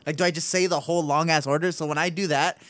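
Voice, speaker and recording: A man's voice: fairly high pitch, steady tone, fast, a bit bright. A young man co-hosting a podcast, chatting casually, laughing often and swearing. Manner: laughs often, profane, easily annoyed. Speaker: podcast co-host. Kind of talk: casual chat.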